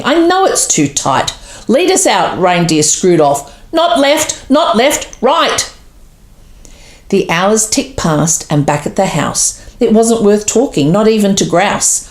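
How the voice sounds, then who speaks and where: A woman reading her own rhyming Christmas poem aloud, putting voices on the quoted characters. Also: echoey room. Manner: lively, voices quoted characters with raised pitch.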